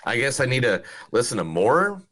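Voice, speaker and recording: Animated man on a movie podcast. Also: mid-range voice, normal speed. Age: adult, married. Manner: joking, animated, laughs often. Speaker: podcast co-host. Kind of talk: casual movie podcast chat.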